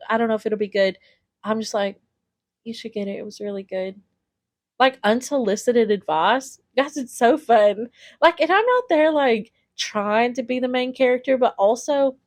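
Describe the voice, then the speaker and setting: A woman's voice: on the high side, no echo, clean studio sound. A young woman hosting a podcast, telling rambling everyday stories in a casual chatty way, full of "like" and "literally". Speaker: podcast host. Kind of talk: casual storytelling monologue.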